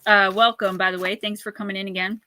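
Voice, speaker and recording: A woman's voice: mid-range voice, flat delivery, fast talker, sharp tone. A woman chatting casually on a livestream, talking straight to her viewers and laughing often while she reads oracle cards aloud. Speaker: livestream oracle card reader and author. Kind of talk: casual livestream chat and card reading.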